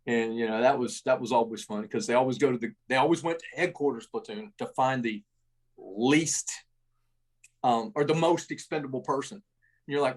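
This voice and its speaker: A man's voice: medium pitch, normal speed. A middle-aged man, an army veteran, telling war stories in a rambling, salty way, full of restarts and tags like "man" and "right?". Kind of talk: casual war storytelling.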